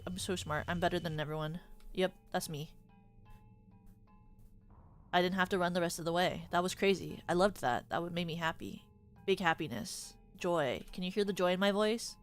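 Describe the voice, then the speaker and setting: A young woman streaming a game and reacting live, swearing often and breaking into sudden loud outbursts. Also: on the low side. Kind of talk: live gameplay commentary.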